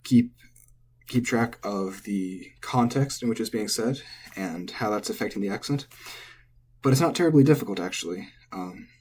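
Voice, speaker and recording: Male language tutor, low husky voice, offhand self-correcting lecture. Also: normal speed. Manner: relaxed, thinking aloud, self-correcting. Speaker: language teacher. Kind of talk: casual lecture on pitch accent.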